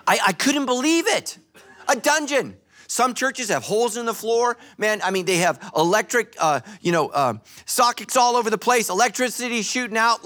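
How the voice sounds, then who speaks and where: A male pastor giving a sermon at a church service, joking and telling animated stories. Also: sits high. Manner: animated, joking, storytelling preacher.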